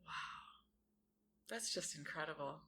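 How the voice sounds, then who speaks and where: Expressive woman host, busy background. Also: low-pitched, slow pace, crowd noise. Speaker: interview host. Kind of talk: interview questions and reactions.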